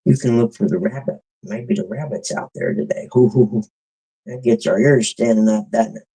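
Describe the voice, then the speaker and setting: Gravelly man chatting to his dogs. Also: medium pitch, moderate pace, warm tone, no room sound. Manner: folksy with country grammar. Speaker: vlogger. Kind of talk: casual live stream talk. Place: backyard and doorway at sunrise.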